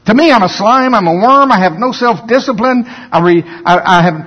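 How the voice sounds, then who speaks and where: A man voicing a self-doubting man who calls himself weak, talking in halting, stumbling restarts. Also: extremely high pitch, steady tone, a bit bright, pitched above the performer's own voice. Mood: self-pitying. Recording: dull, reverberant hall recording.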